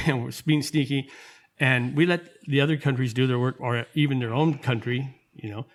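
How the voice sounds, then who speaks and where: A man's voice: medium pitch, fairly even intonation, moderate pace. A man hosting a podcast, ranting in a heated, profane way and often restarting his sentences. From United States. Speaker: podcast host. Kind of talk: casual political rant.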